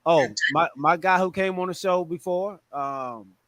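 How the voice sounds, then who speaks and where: A man hosting a casual sports podcast, greeting listeners with energetic shout-outs. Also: high voice, measured pace, dry recording. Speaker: podcast host.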